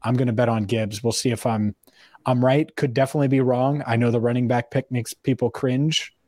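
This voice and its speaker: Dry-sounding podcast host, opinionated. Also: male voice, medium pitch, steady tone, brisk, a little mellow, dry recording. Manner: opinionated, thinks aloud with hypotheticals. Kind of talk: casual sports podcast chat.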